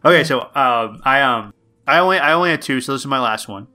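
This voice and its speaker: With lively intonation and a bright, forceful mid-range voice, this podcast co-host talks a little fast. His casual chat rambles along, packed with fillers and restarts.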